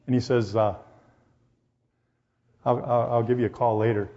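A man's voice: mid-range voice, normal speed, dull audio. A man preaching to a congregation, telling personal stories and firing questions at his listeners. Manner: animated, addresses congregation directly with questions. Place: church hall before a congregation.

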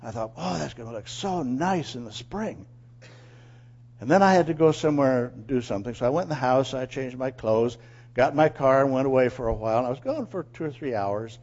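A man telling a personal moral story in an animated way, asking his listeners questions and acting out quotes. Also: mid-range voice, fast, highs cut off. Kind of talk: storytelling sermon.

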